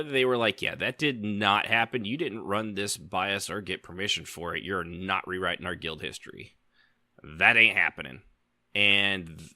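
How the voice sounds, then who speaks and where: A man's voice: sits low, bright, forceful tone, no echo, studio quality. A man hosting a casual podcast panel, telling long rambling stories. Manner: rambling storyteller. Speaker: podcast host.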